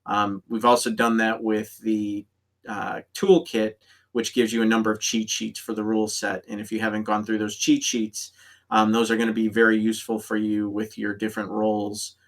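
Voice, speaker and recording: A man acting as game master, explaining rules to players with many pauses and restarts. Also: fairly low pitch, completely flat delivery. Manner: halting, many ums and restarts. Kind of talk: explaining rules in an online tabletop session.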